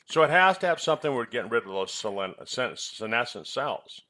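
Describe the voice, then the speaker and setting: A man's voice: medium pitch, sing-song, a little fast, pushed and bright. A man who presents health products and once ran a clinic, chatting in a rambling way and teasing his co-host with quiz questions. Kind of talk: casual chat about supplements.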